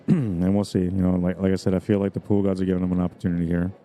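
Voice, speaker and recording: Brief: male stream commentator, deep mellow voice, dry throat, rambling casual chatter. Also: flat delivery, fast. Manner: rambling, chatty, many fillers.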